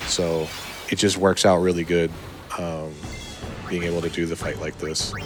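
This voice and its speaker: A man commentating a live speedrun, explaining strategy in a halting, filler-laden way. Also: low-pitched, flat delivery, over music.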